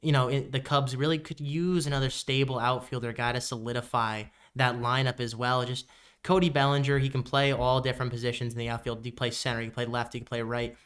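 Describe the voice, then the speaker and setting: A man's voice: medium pitch, fast, clean tone. A young man co-hosting a podcast, chatting casually and a bit rambling about baseball, with the hiccups. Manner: relaxed, rambling with fillers. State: has the hiccups. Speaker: podcast co-host. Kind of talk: casual sports chat.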